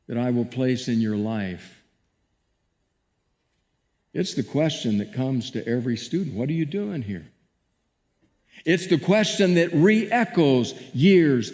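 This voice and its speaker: A male pastor preaching a sermon and reading scripture dramatically, moving between hushed and emphatic passages. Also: on the high side. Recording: long church reverb.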